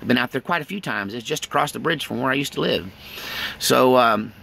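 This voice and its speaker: A man's voice: medium pitch, lively intonation, fairly quick, gravelly, bright, forceful tone, slight background noise. A man from East Texas telling a rambling story in a casual way, chuckling between lines.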